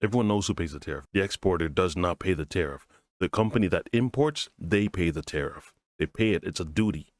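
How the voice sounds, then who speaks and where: Man, commentator, very low voice, fast talker, dry close sound, argumentative explainer. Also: no echo. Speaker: political commentary host. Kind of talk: solo commentary on news clips.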